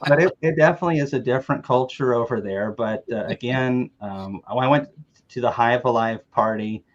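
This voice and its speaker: A man's voice: mid-range voice, brisk, dull audio. A man from the American South telling rambling, joking stories in a casual chat, often restarting his words.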